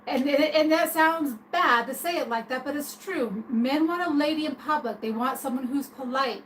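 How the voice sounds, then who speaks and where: Woman, high voice, rambling casual rant, hesitant restarts, faint background hiss. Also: fairly bright tone, low-quality recording. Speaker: streamer talking to viewers.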